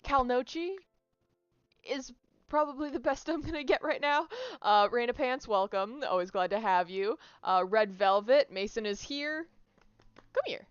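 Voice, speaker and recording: A woman's voice: mid-range voice, clean tone, no echo. Rambling young woman streaming at home. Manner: rambling, self-mocking, quick asides. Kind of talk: casual stream chat. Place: apartment room. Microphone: desk microphone. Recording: dry, dull lo-fi sound with faint music.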